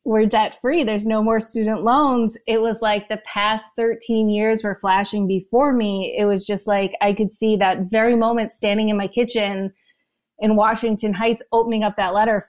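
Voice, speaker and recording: Emotional woman guest near tears. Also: medium pitch. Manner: emotional, talks in quick bursts. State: close to tears. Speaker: podcast guest. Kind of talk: personal story in an interview.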